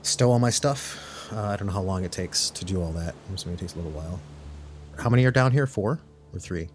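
A man playing a tabletop horror game, deliberately talking through his character's plans out loud. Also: low-pitched, slight background noise. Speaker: player.

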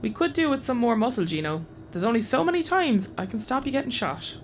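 An actress playing a sharp-tongued Irish first officer, dry and sarcastic. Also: female voice, a little high, big pitch swings, a little fast, slight background noise. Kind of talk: audio comedy drama acting.

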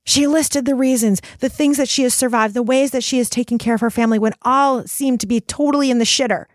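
Woman, middle-aged, podcast host, motivational talk, animated, casual swearing, fairly high pitch, dry studio sound. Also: fast, no echo. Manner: animated, frequent fillers, swears freely. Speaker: podcast host and retreat coach. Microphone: studio microphone.

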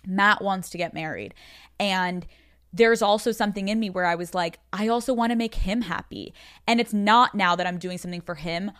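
A woman's voice: mid-range voice, moderate pace, a bit bright, clean tone, no echo, studio quality. A young woman podcast host being interviewed, telling a personal story in a frank, chatty way with plenty of swearing. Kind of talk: casual candid conversation.

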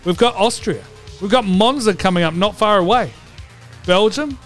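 A man's voice: high voice, moderate pace, faint music behind. A man hosting a comedic racing preview vlog, brash, profane and theatrical. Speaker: host.

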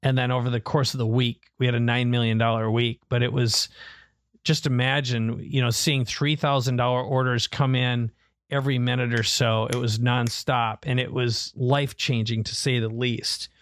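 A middle-aged man telling a personal story in a relaxed, conversational way, his voice bouncing up as he acts out the people in it. He sits at mid pitch and sounds close and dry, with no room echo. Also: normal speed. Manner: animated storyteller, acts out quoted family voices. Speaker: podcast co-host. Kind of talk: casual storytelling.

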